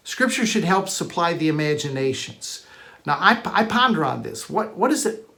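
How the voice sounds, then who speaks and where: Emphatic higher-voiced male preacher. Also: big pitch swings, normal speed, gravelly, pushed and bright. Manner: emphatic, repetitive, rising to stress key words. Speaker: teacher and preacher. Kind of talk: sermon.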